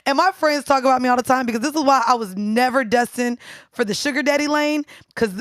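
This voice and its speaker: Blunt, brash woman podcast co-host, slightly high-pitched, recorded dry and close. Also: quick pace, fairly bright tone, no room sound. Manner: brash, blunt, swears freely and laughs often. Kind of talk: casual chat.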